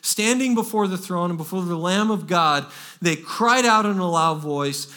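A man's voice: sits high, lively intonation, moderate pace, bright, forceful tone. A pastor preaching a sermon, earnest and emphatic, often repeating words and pushing his voice up to stress key phrases.

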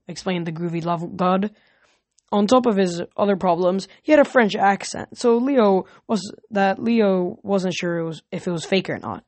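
A woman's voice: medium pitch, lively intonation, moderate pace, a little mellow, dry recording. A woman reading a novel aloud in a casual way, often correcting herself. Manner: casual, frequent self-corrections. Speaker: reader.

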